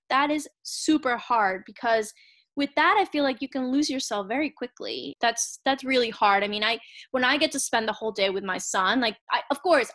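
A woman in her thirties co-hosting a casual chat, animated, laughing often and acting out quotes. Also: a little high. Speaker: podcast co-host.

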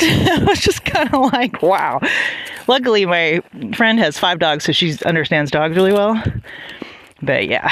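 A woman chatting casually and telling a funny story, laughing often and retelling scenes with animated voices. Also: medium pitch. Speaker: podcast host. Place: outdoors on a property.

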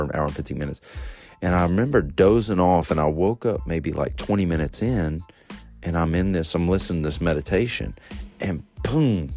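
Very deep-voiced man telling a story. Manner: animated storytelling, addresses listeners directly. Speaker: podcast host. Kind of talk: casual solo podcast monologue.

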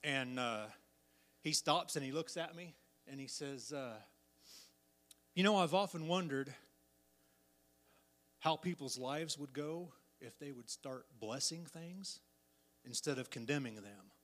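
A man preaches in an unhurried drawl, his voice sitting a little high for a man. He drops low and quiet for scripture, then bursts out loud as he acts out roars and bullies. An animated country sermon. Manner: animated, acts out roars and bully voices, swings from soft to shouting.

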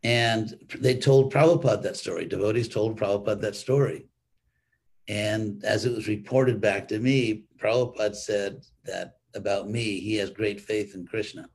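A man's voice: fairly low pitch, steady tone, normal speed, vocal fry, darkish tone, husky. An older man, a monk, giving an informal weekly class in a rambling, conversational way with frequent restarts.

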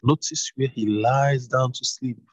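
A man voicing an eager older widow giving her daughter-in-law advice in a read-aloud Bible story, with a husky voice. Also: mid-range voice, steady tone, a little slow, dry recording, dull audio. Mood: coaxing.

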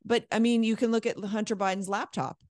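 A woman hosting a casual interview, chatty and quick to interject. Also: medium pitch, steady tone, darkish tone, no echo, clean studio sound. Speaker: interview host.

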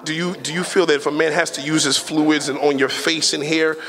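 A man's voice: fairly high pitch, fairly even intonation, fairly quick. Eager male street interviewer. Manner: probing, eager questions. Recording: crowd noise in background.

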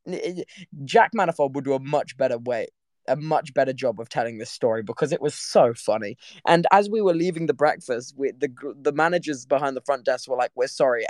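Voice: mid-range voice, dry recording. A young adult vlogger, telling a story to camera in a giggly, rambling way that trails off mid-sentence.

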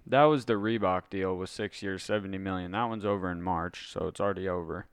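Smooth-voiced laid-back podcast man. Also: deep voice, fairly even intonation, a little fast, dry recording. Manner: reads out news and stats, laid-back. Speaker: podcast co-host. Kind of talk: casual chat.

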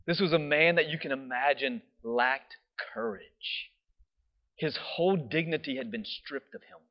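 A man preaching with an animated storyteller's delivery. His voice sits a little higher than most men's and sinks to a hushed, slower tone for reflective moments. The recording is dull and lo-fi. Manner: animated storytelling, often asking "right?"; drops to a soft, slow voice for reflective points. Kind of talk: sermon.

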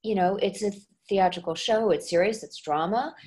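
A woman who coaches dialects, chatting as an interview guest and jumping into quick acted examples as she explains. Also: mid-range voice. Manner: animated, acts out voices when giving examples. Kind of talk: casual interview chat.

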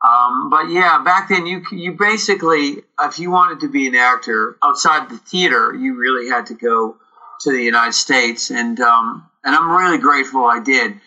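A man, an actor, telling rambling, animated stories in an interview, with many fillers and restarts. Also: medium pitch, moderate pace, muffled recording. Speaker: actor, guest. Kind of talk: casual storytelling interview.

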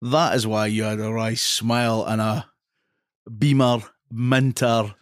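A man's voice: mid-range voice, little pitch movement, a little slow, no echo, studio quality. A man co-hosting a podcast, teasing his friend and laughing along in casual chat. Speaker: podcast co-host.

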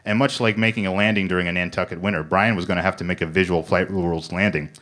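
A man reading comic fiction aloud in a mock-serious deadpan on a comedy club stage. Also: deep voice, fast. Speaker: comedy reader.

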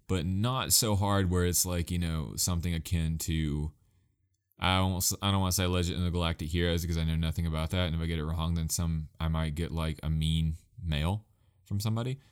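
A man with a deep, low voice talks casually as a host. He rambles, poking fun at himself and laughing now and then. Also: clean tone. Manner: rambling, self-mocking, laughs often. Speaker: podcast host recommending anime. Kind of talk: casual talk.

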